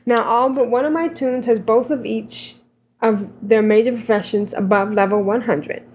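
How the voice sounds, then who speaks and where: A woman's voice: fairly high pitch, steady tone, moderate pace, a little mellow, a little hiss or hum. A woman co-hosting a casual gaming podcast, reading listener emails aloud with giggly asides. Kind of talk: casual chat.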